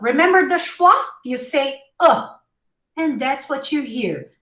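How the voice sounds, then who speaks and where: A woman's voice: sits high, expressive, slow, sharp tone. A woman teaching English pronunciation in a live class, saying each word several times and coaching her students. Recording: echoey room.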